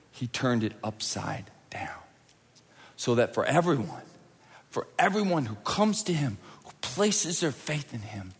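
A man preaching a sermon, swinging between forceful, loud peaks and hushed, quiet passages. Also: medium pitch, breathy edge. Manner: dynamic, swings from loud intense peaks to hushed near-whispers. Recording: long hall reverb.

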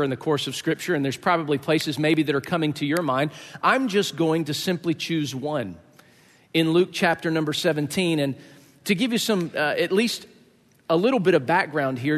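A male pastor preaching a sermon in a conversational, joking way with many fillers. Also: fairly high pitch. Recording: echoey hall.

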